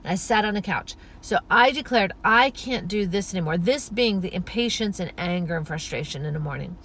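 A woman hosting a spiritual podcast, talking in a gentle, flowing, earnest way with many soft asides. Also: fairly low pitch, a little fast, breathy edge. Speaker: podcast host.

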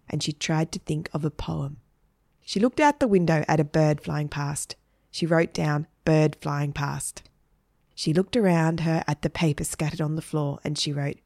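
A woman reading a children's story in a gentle, even storytelling manner. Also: low-pitched, dry recording, studio quality. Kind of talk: scripted children's story narration.

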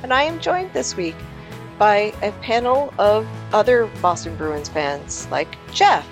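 A woman's voice: mid-range voice, expressive, measured pace, faint music behind. A woman hosting a casual sports podcast, giggly and rambling, often laughing at herself. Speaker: podcast host.

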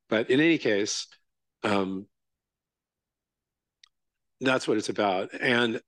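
A Zen teacher giving a dharma talk in a casual, halting way, full of fillers and check-ins with the listeners. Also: male voice, fairly low pitch, fairly bright tone, no room sound.

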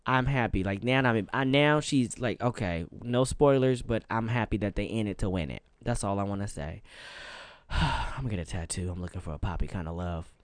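A man's voice: on the low side, normal speed, dry recording. A man with features, interviewing a guest in a playful, teasing podcast chat. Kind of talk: casual chat.

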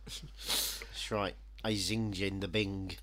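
A man's voice: deep voice, flat delivery, takes it slowly, pushed and bright. A man co-hosting a podcast in casual chat, playful and jokey. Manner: playful, jokey, sings and does bits. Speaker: podcast co-host.

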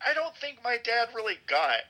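A man in his forties, a podcast co-host telling an animated story in casual chat, laughing often. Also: very high-pitched, moderate pace, low-quality recording. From Georgia, US.

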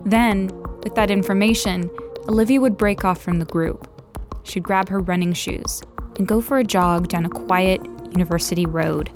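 A woman narrating a true story for a show in a measured, steady scripted delivery. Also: medium pitch. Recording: music playing underneath.

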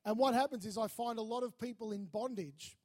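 A man preaching a sermon, telling a lively story and acting out the voices in it. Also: extremely high pitch, brisk. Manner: animated, acts out voices in his stories. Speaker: pastor.

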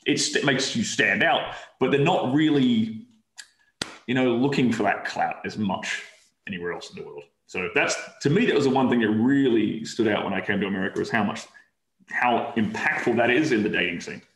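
Australian guy as a podcast guest, frank and loose, average pitch, echoey room. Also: normal speed, a bit bright. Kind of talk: casual interview chat. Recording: roomy echo.

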